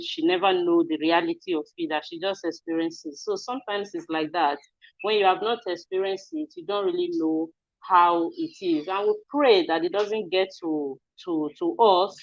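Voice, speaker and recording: A woman's voice: on the low side, no room sound. A Nigerian woman hosting spoken news commentary, earnest and indignant. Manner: earnest, hesitant, then indignant. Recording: dry, dull lo-fi audio.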